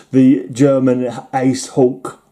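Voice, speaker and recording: A comic reviewer with a warm, mid-range voice casually sums up old comic stories. His chat rambles, with restarts and chuckles along the way.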